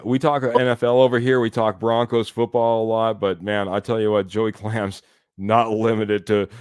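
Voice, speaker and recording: A man's voice: lowish voice, darkish tone, clear, resonant tone, dry recording, clean studio sound. A man co-hosting a casual sports podcast, upbeat and chatty, tossing "man" into nearly every sentence. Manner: upbeat, says "man" a lot. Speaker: podcast co-host.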